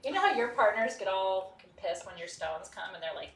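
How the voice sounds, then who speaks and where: A woman's voice: medium pitch, lively intonation, brisk. A woman hosting a live gemstone sales show, talkative and enthusiastic, chatting freely as she sells. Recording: roomy studio sound from a distance.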